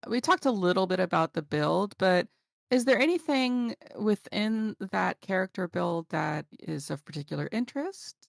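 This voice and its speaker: A woman's voice: mid-range voice, expressive, normal speed, vocal fry, no room sound, clean studio sound. A woman hosting a podcast and interviewing a guest with brief, prompting questions. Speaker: podcast host.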